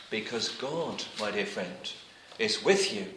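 A man preaching a sermon, reading scripture aloud and repeating his points, often letting his phrases drop to a quiet close. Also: mid-range voice, expressive, unhurried, hardly any pauses, roomy sound, a little hiss or hum, low-quality recording.

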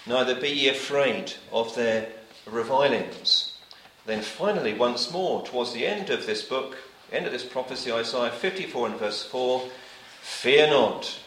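A man preaching a sermon, reading scripture aloud and repeating his points, often letting his phrases drop to a quiet close. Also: mid-range voice, reverberant, slight background noise, low-quality recording.

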